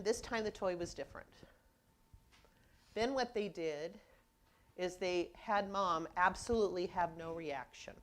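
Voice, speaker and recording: A woman minister preaching a conversational sermon, telling stories and acting out people's reactions as she goes. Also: on the low side.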